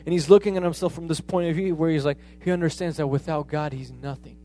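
A man's voice: on the high side, steady tone, fast, warm tone. A man preaching a sermon in a conversational way, often retelling conversations as quoted dialogue.

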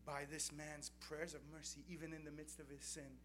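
At a moderate pace and fairly high pitch, a young man delivers a sermon, telling testimonies with earnest storytelling. The recording is noisy throughout, with constant background noise.

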